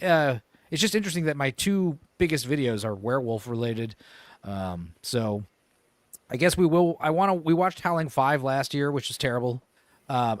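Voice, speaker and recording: A man hosting a casual podcast, chatting about movies in a rambling way, with many pauses and self-corrections. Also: medium pitch, no room sound. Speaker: podcast host.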